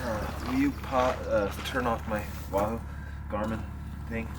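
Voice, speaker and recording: A man cyclist talking candidly in a vlog, emotional and halting, with frequent restarts. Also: fairly low pitch, fairly even intonation, heavy background noise.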